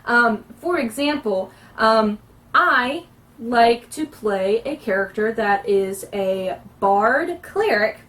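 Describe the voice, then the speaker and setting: A woman gives an earnest lesson on roleplaying, pausing often as she explains. Her voice sits fairly high. The recording sounds distant from the mic. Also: animated, fairly bright tone. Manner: earnest, instructive, with frequent pauses. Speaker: roleplaying instructor.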